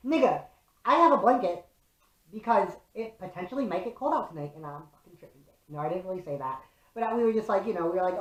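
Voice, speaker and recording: A young woman from Chicago vlogging a casual, profane, animated storytime. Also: medium pitch, fast. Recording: roomy echo.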